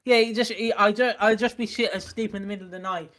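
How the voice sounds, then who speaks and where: A man's voice: sits high, fairly even intonation, fast, fairly bright tone. A young man co-hosting a podcast, teasing and joking casually with plenty of swearing. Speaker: podcast co-host.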